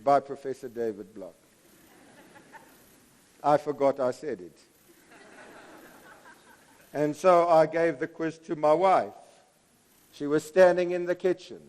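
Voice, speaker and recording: A man from South Africa, an astronomy professor giving a public lecture, emphatic and repeating key phrases to draw the audience in. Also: fairly high pitch. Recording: long hall reverb.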